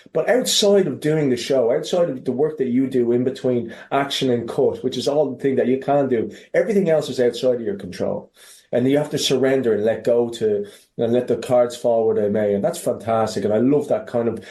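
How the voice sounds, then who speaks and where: A man with an Irish accent, a podcast guest telling stories in casual chat, animated, swearing freely and often restarting his sentences. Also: mid-range voice, roomy sound. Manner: animated, profane, many restarts. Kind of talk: casual interview storytelling.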